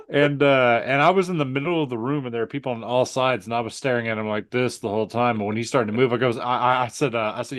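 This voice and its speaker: A man co-hosting a podcast, telling a story with animated energy, acting out quotes and laughing often. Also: mid-range voice, quick pace. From Southern Indiana. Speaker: podcast co-host. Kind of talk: casual storytelling chat.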